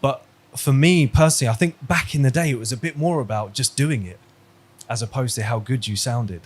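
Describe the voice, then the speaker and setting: A man's voice: mid-range voice, fairly quick, slightly rough. Man, religious teacher on a video call, chatty question-asking style. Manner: conversational, quizzing students, storytelling. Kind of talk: online class lesson.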